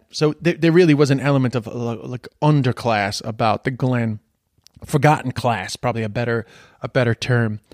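A man's voice: mid-range voice, dry recording, studio quality. A middle-aged Irish man, a comedian, telling stories in a casual, rambling way, often stopping to correct himself and swearing now and then. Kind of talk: casual storytelling.

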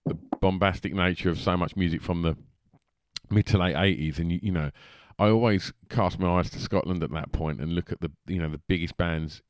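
A man from Essex hosting a podcast, his voice low and resonant. He talks with eager energy, stumbling over repeated words. The sound is dry and close. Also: brisk, no room sound. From Essex, England. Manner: enthusiastic, stammering repetitions. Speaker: podcast host. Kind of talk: casual interview chat.

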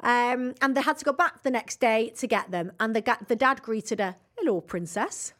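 A woman's voice: fairly high pitch, normal speed, a bit bright. A woman co-hosting a podcast in casual chat, brash and laughing, swearing freely. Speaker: podcast co-host.

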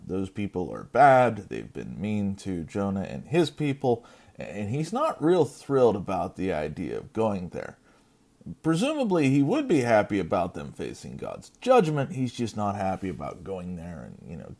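A man's voice: lowish voice, a little mellow. A man reading a Bible story as a dad, in a casual conversational way with jokey asides.

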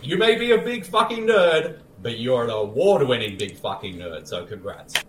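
A man's voice: medium pitch, big pitch swings, normal speed, echoey room, slight background noise. A man co-hosting a casual podcast, announcing mock awards in a playful, ceremonial way and swearing for laughs. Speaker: podcast co-host.

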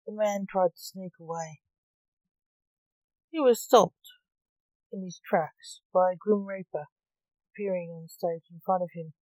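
A woman narrates a story in a plain, even reading voice. She speaks slowly and in a lowish register. The sound is dry and close, with no room echo.

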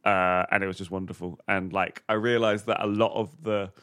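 Co-host, male, lowish voice, rambling anecdotes, dry close mic. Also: steady tone, moderate pace, a bit bright, clean tone, no room sound. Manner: rambling storytelling with many uhs. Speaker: podcast game show host and comedian. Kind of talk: casual comedy podcast chat.

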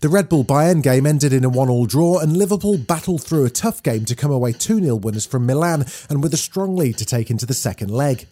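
A man hosting a daily news podcast, reading scripted stories in a brisk, clear newsreader delivery. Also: mid-range voice, lively intonation, mellow.

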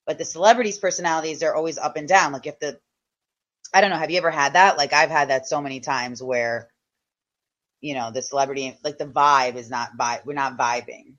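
A woman's voice: low voice, a little fast, a bit bright. Woman guest, frank and chatty, muffled remote audio. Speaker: guest, comedian and podcast host. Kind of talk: casual interview chat.

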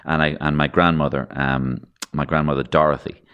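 Speaking at an extremely low pitch with a flat delivery, this Irish podcast guest recounts rambling, darkly humorous anecdotes from his childhood, doing voices as he goes. His pace is normal and his tone clear and resonant, though the high frequencies are cut off.

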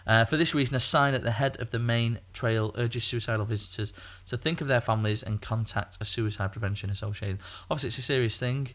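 Speaking fast with few pauses, a man with a mid-range, slightly bright voice co-hosts a podcast. He chats casually and rambles, leaning heavily on fillers and frequently restarting his sentences.

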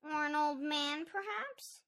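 Squeaky excitable cat. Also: male voice, slow pace, exaggerated voice. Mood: teasing. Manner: shrill and squealing. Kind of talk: storybook reading.

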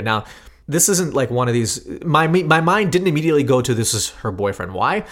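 A man in his thirties, a podcast co-host, telling a story in a lively, self-deprecating way. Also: mid-range voice, normal speed. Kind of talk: casual storytelling chat.

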